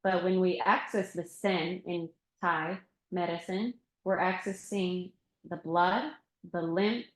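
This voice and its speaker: A woman teaching yoga and Thai bodywork in a relaxed, reflective way, laughing often during a group discussion. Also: fairly low pitch, slow. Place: yoga studio room. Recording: echoey room.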